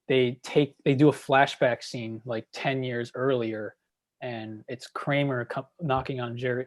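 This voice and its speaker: A man's voice: medium pitch, dry recording, studio quality. A man guest on a podcast, rambling casually through trivia with many fillers. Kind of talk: casual chat.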